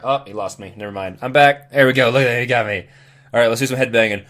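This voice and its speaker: A man's voice: medium pitch, quick pace, fairly bright tone. A man hosting a gaming video, rambling casually in a playful, joking, self-amused way.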